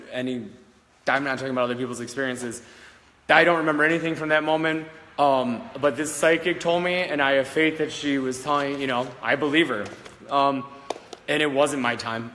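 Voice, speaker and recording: A man's voice: medium pitch, fairly bright tone. Rambling candid man in a reverberant room. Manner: rambling, candid, frequent "all right?" check-ins and casual swearing. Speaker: psychic medium. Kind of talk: casual personal storytelling to camera. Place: old country schoolhouse, indoors.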